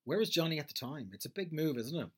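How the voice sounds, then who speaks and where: A man's voice: a little high, expressive, quick pace, a bit bright, husky. A man delivering a profane, rambling comedic monologue as a podcast host.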